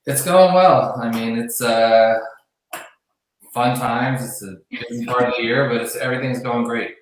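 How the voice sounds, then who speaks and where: A man in his forties, a guest giving relaxed, brief answers in a casual interview. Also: mid-range voice, moderate pace, a little hiss or hum. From Newtown Square, Pennsylvania. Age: 40s. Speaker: guest, basketball executive. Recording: very echoey room.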